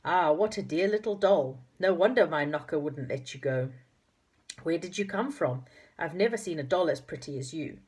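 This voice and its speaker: Woman reading booming old pixie spellmaker, loud and grand, kinda husky. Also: lively intonation, moderate pace. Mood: delighted.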